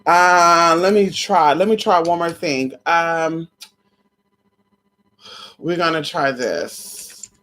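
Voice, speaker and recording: A sassy woman vlogger telling a story straight to her viewers. She talks in an animated, casual way and swears freely. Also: lowish voice, slow, long pauses.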